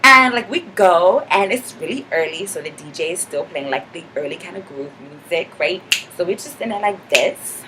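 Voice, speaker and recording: A woman's voice: lowish voice, expressive, normal speed, background noise, lightly acted. A woman playing a sassy, self-assured young clubgoer who chatters in a mock-indignant way, filling every sentence with "like.". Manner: chatty, filler-heavy with constant "like". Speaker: comedic character monologue. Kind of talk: character comedy vlog.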